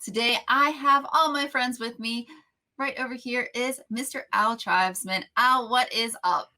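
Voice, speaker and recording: A woman's voice: a little high, a little slow, bright, forceful tone. A woman hosting a casual podcast, chatty and upbeat, introducing her co-hosts and recapping an episode. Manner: upbeat, chatty, laughs easily. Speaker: podcast host.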